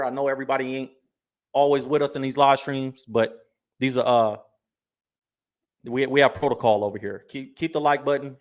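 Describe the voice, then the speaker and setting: A man hosting a livestream in a casual, chatty way, reacting to clips and talking to his viewers. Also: medium pitch. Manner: casual, chatty, leans on "bro" and "you know what I'm saying". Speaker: livestream host.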